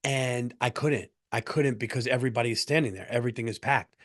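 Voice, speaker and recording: A middle-aged man hosting a comedy podcast, telling a story in an animated way, stumbling over restarts and breaking into laughter. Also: mid-range voice, fast.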